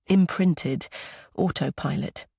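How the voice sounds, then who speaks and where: Gravelly husky male narrator. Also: a little high, slow pace, mellow, no echo, studio quality. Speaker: audiobook narrator. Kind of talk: scripted narration.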